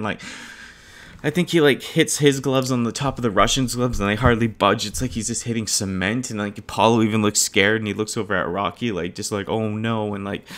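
A man of ordinary pitch hosting a laid-back podcast. He rambles through a film recap, packs in fillers and keeps breaking into laughter. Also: fairly bright tone. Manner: rambling, filler-heavy, laughs often while retelling. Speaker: podcast host. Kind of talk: casual movie review chat.

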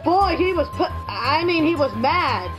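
A female storyteller narrates a made-up adventure in a high, bright voice. She rambles with excitement and swings her pitch wildly. Music plays clearly behind her. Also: unhurried, rough recording. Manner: excitable, rambling, sound effects. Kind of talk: improvised toy story narration.

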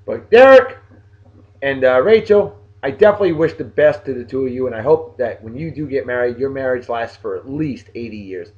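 A man's voice: medium pitch, animated, brisk, few pauses, lo-fi sound. A man with a New England accent hosting a casual video blog, joking as he talks straight to his viewers. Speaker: vlog host giving shout-outs.

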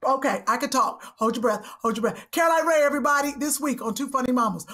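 A woman co-hosting a comedy podcast, loud and playful, bursting into shouts. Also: fairly high pitch, fairly quick, breathy edge. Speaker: podcast co-host. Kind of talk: casual comedic chat.

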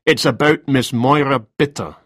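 A man's voice: medium pitch, normal speed, fairly bright tone, breathy edge, no echo, studio quality, voice pushed up. A man voicing a cold, polite detective. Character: cool, formal male police detective. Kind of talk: storybook reading.

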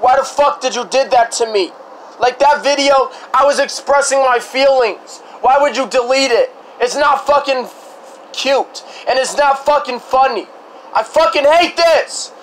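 A man's voice: extremely high pitch, normal speed, a little hiss or hum, rough recording. A man in an angry rant, swearing heavily and stumbling over repeated restarts. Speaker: vlogger. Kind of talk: angry ranting to camera.

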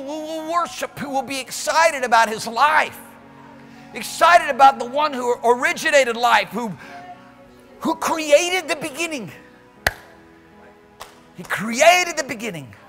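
Male pastor, fervent rhythmic sermon, high bright tone, faint music behind. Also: in a large hall. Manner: impassioned preaching with shouted peaks; repetitive, rhythmic exhortation. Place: church service.

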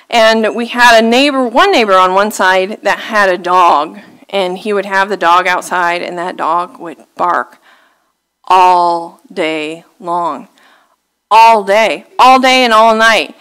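A woman's voice: fairly high pitch, fairly bright tone, clean tone, poor audio. A woman, preaching a sermon and telling a story on herself with self-deprecating laughter.

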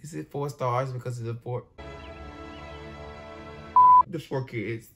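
A man giving casual, expressive commentary as he reacts out loud to a war movie. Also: medium pitch, takes it slowly, loud music behind the voice. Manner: expressive, talks back at the screen. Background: war film soundtrack playing.

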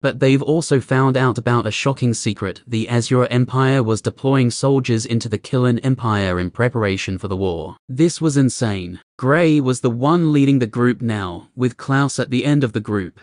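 A male narrator reading a fantasy light novel in a steady, even voice. His pitch is medium. The recording is close and dry. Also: moderate pace, hardly any pauses, no echo. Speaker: audiobook narrator. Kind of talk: scripted narration.

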